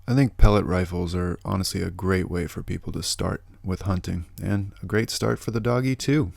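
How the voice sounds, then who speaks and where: A middle-aged man hosting an outdoor vlog, talking in a relaxed, upbeat, chatty way. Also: deep voice, moderate pace, gravelly, few pauses, slight background noise. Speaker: host of a foraging and hunting channel. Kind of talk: casual outdoor vlog narration.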